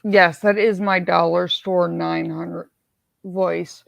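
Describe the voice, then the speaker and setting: A woman hosting a casual live stream, hoarse from swelling in her neck, who chats in a self-mocking way and reads viewer comments aloud. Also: lowish voice, fairly even intonation, slow, no echo, highs cut off. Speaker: livestream host.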